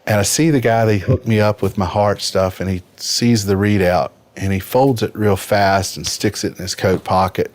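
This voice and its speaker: Deep-voiced man in his fifties. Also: fairly even intonation, moderate pace, few pauses. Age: 50s. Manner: earnest, vivid retelling. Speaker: podcast guest. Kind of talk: personal story in a casual interview.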